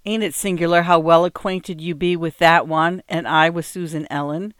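A woman reading aloud and voicing a careworn farm wife who speaks old rural dialect in a quick, fretful way. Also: fairly low pitch, fairly even intonation, smooth, dry recording, studio quality, lightly acted.

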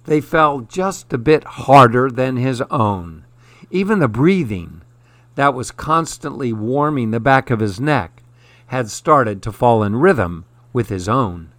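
Slow, measured male horror narrator. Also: medium pitch, lively intonation, a bit bright, no echo. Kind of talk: scripted horror story narration.

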